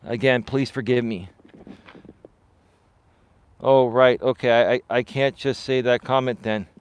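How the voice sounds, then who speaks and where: A man's voice: mid-range voice, fairly even intonation, unhurried, smooth. Chatty man livestreaming on a walk. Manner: talks while walking outdoors, chatty and apologetic to viewers. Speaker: life coach livestreaming. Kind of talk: casual livestream chat, reading viewer comments aloud. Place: outdoors on a walk.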